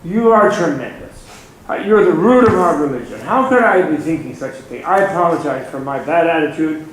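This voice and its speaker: A man voicing an impulsive older male pope, brisk and then gushing with apology, in a very echoey hall. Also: fairly high pitch, lively intonation, close to an everyday voice. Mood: effusive. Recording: very echoey hall, faint noise.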